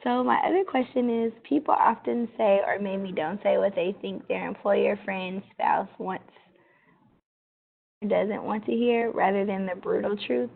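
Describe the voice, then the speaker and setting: A woman's voice: mid-range voice, gravelly. A woman interviewing someone by phone, reading out her questions in a casual way. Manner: casual, asks questions slowly from a list. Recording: tinny phone line.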